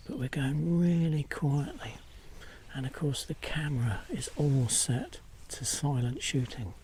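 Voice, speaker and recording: Man, outdoor wildlife vlogger; hushed, slow, dark-toned delivery; handheld camera mic out in the woods. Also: medium pitch, sing-song, slight background noise. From England. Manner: hushed stealthy whispering, halting with fillers. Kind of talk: casual outdoor vlog narration. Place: outdoors in a forest among bracken. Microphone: small handheld camera mic.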